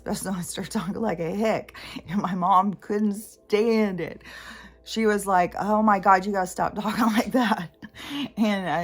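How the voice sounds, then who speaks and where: A middle-aged woman talking in a casual, rambling vlog monologue, jumping between tangents with lots of fillers. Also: lowish voice. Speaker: spiritual vlogger.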